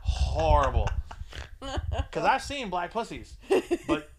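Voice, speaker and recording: A podcast co-host tells a crude, profane story in casual chat, animatedly acting out the voices of the people in it. He has a medium-pitched voice and a normal speed, with slight background noise behind him.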